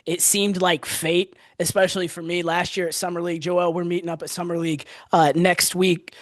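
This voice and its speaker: Young male podcast host, fairly high voice, dry close sound, animated sports talk. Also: a little fast, no room sound. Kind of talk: casual sports podcast chat.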